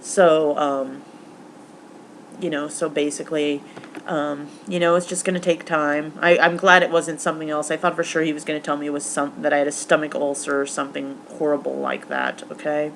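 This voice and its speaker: A woman's voice: sits low, flat delivery, moderate pace, gravelly, a little hiss or hum. A young woman recapping her week to camera in a casual vlog, rambling with lots of fillers. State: tearful, emotional; recovering from stomach flu. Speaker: vlogger.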